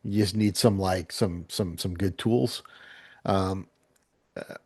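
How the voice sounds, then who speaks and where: A man's voice: deep voice, slow pace, dark tone, no room sound, clean studio sound. A man narrating as game master of a tabletop game, rambling with lots of fillers.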